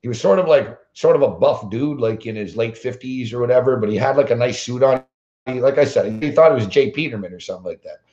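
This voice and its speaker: A man rants bluntly through a story and swears constantly. His voice is mid-pitched and sounds roomy and echoey. The sound is dull and lo-fi, as if from a modest home setup. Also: fast talker, darkish tone. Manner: heavy swearing, blunt and combative. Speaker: sports betting show host. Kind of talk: profane storytelling rant.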